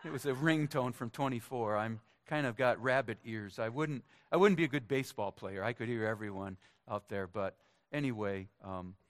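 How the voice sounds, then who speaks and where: A middle-aged man from Minnesota giving a personal testimony to a church congregation, in a conversational, halting way with light jokes. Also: medium pitch. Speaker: church speaker.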